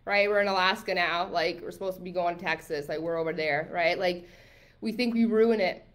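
Animated woman coaching with "like" and "right?". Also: fairly low pitch, brisk. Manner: casual and animated, acts out inner thoughts in quoted voices; frequent fillers like "like" and "right?". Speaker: manifestation coach. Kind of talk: motivational masterclass talk.

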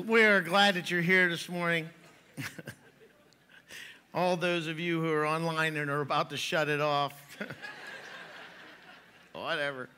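Man, pastor, church sermon, folksy jokes, bright forceful voice. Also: on the high side, steady tone, slow, pauses often, slight background noise. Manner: joking, folksy, chuckles at own jokes. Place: church sanctuary.

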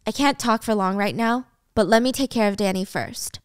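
Woman voicing a cool, scheming young woman, measured delivery, clear voice, dry sound. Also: medium pitch, no echo, lightly acted. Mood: hurried. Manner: calm, measured. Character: calm scheming young woman, secretly protective.

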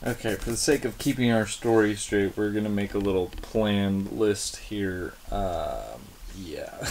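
A young man talking casually to the camera as a vlogger, rambling a little and chuckling between phrases. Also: lowish voice. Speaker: vlogger on a date with his wife. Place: at home.

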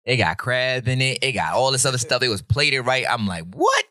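A man's voice: mid-range voice, a little fast, dry recording, studio quality. A man hosting a podcast, telling a casual, slangy story and acting out the other people's voices. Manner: animated, slangy, acts out quoted voices. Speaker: podcast host.

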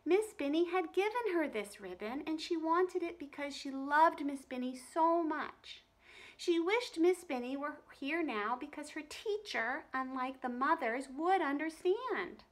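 A woman's voice: high-pitched, animated, measured pace. A woman reading a storybook aloud to children, asking them friendly questions. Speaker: reader for children.

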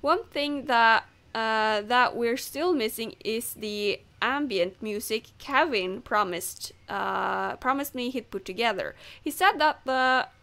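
A woman who is not a native English speaker gives casual commentary while playing a game. Her voice is high, and her talk is chatty and self-deprecating. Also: slow, few pauses, sharp tone. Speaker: gamer.

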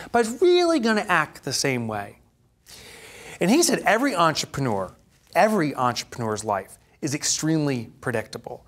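Animated male workshop storyteller. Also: a little high. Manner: animated storyteller, laughs at his own anecdotes, acts out voices. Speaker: business author and workshop presenter. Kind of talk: live workshop storytelling presentation. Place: live studio workshop before an audience.

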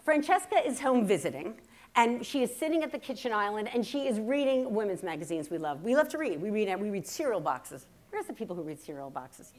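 A woman in her fifties giving a keynote speech, telling family stories in a lively, chatty, self-deprecating way that turns earnest and reflective at times. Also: a little high, a little fast, a little hiss or hum. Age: 50s. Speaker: keynote speaker. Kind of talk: humorous storytelling speech. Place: stage at a writers' workshop, before a live audience.

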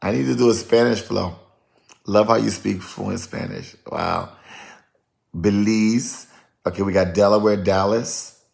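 A man talks casually on a live stream as a prophetic minister. His voice sits a little low and has a gravelly edge. He keeps it chatty and lively, greeting viewers one after another. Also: a little slow. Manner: chatty and lively, calling out names and places.

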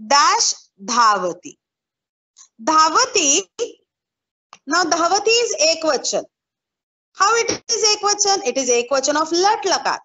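A woman's voice: very high voice, big pitch swings, measured pace, pauses often, pushed and bright. A woman teacher with an Indian English accent, patiently walking her class through answers step by step and repeating them. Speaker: school teacher. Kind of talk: online class lesson.

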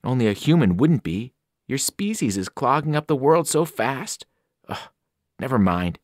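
A man's voice: medium pitch, very animated, normal speed, no echo, clean studio sound, natural voice. A man voicing an earnest, anxious young male satyr in a storybook reading, raised and pleading. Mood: sad.

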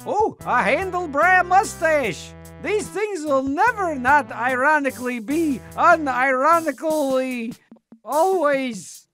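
A slow, goofy cartoon hero. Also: male voice, extremely high pitch, animated, pushed and bright, soft background music, full character voice. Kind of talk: cartoon voice acting.

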